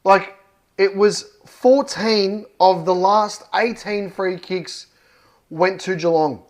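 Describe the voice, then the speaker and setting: Australian male fan vlogger, high-pitched, fired up, swears, emphatic ranting review. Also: takes it slowly. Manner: worked up, swears often, punchy and emphatic. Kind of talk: heated match review rant.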